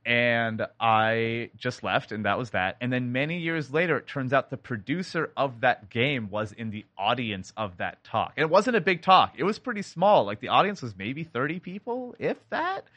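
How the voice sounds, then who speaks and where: Bright-voiced man telling stories. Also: medium pitch, normal speed, no echo. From India. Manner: animated storytelling with many likes and restarts. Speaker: sound designer and guest. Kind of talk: casual interview talk.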